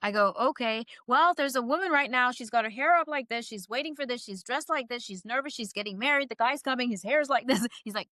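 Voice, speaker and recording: A woman guest, a psychic medium, telling stories in a casual interview and acting out quoted voices with quick laughs. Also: on the high side, bright, forceful tone, no room sound.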